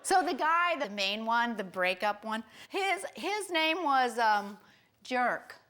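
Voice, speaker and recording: A woman telling a stand-up story with a high, bright voice. She talks slowly and wryly and mocks herself with animation. Her tone is crisp and clear. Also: slight background noise. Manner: wry, animated, self-mocking. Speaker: stand-up comedian.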